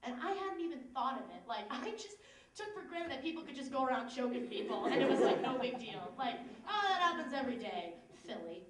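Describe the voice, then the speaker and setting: A young woman telling a sarcastic, animated story on a live comedy stage, laughing often, recorded from a distance with a loud audience. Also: sits high, quick pace, echoey room, a loud crowd. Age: young adult. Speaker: stand-up comedian. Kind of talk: stand-up storytelling.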